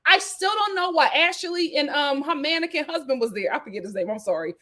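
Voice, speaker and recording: A woman hosting a live reality TV recap, chatting in an animated, gossipy way. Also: high voice, fairly quick. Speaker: host.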